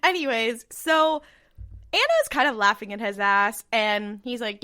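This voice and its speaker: Young woman podcast co-host, bright, slightly high voice, rambling chatty recap with frequent laughs. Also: animated, moderate pace. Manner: rambling, laughs often, acts out quotes. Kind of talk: casual chat recapping a TV episode.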